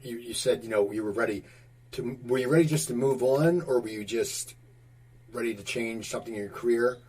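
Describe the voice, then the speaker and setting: A man's voice: medium pitch, brisk, a little mellow, husky, far from the mic. A man hosting an interview, asking questions in a casual, conversational way. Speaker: podcast host, interviewer.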